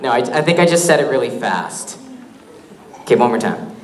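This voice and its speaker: A man answering audience questions on a convention panel, joking and teasing himself in a quick, easygoing way. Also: mid-range voice, very animated. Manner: joking, self-mocking, quick. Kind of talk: casual Q&A on stage. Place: convention hall stage. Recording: echoey hall with crowd.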